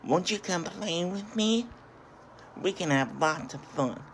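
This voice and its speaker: A man voicing a creepy female doll, coaxing in a slow, high sing-song. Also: expressive, slight background noise, heavily acted.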